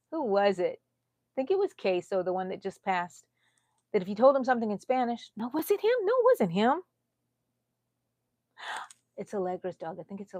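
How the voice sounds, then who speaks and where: A woman's voice: mid-range voice, darkish tone, no echo. A middle-aged woman from the United States chatting casually on a crochet live stream, laughing often and talking to viewers by name. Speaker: crochet vlogger.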